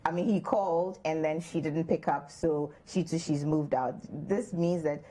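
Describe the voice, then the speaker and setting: A Ghanaian woman co-hosting a relationship advice show in a studio, chatting in an animated, playful way and acting out quoted lines. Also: low-pitched, moderate pace. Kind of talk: lively studio chat giving advice.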